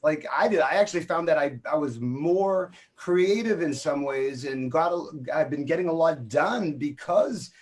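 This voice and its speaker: A man's voice: on the high side, normal speed, hardly any pauses. A man from Boston with a Boston accent, hosting a casual video chat and talking in an enthusiastic, rambling way. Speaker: podcast host.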